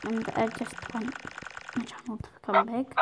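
A woman giving rambling, excitable commentary over her own gameplay, talking to herself as she plays. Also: on the high side, moderate pace, loud music behind the voice. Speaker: gaming video creator.

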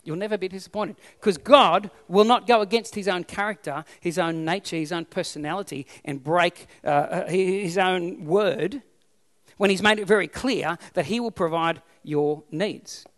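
A man's voice: high voice, normal speed, a bit bright, in a large hall. An Australian man preaching a sermon as pastor, emphatic and repeating his key phrases.

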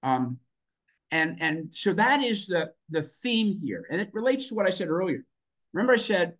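A man's voice: fairly high pitch, a bit bright. A man on a panel, talking emphatically with rhetorical asides and growing enthusiasm. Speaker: panel guest, finance expert.

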